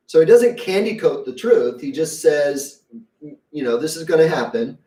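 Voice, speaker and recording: A man's voice: a little high, expressive, normal speed, mellow, echoey room, far from the mic. A man preaching a sermon as pastor, conversational and folksy, acting out quotes as he goes. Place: church sanctuary.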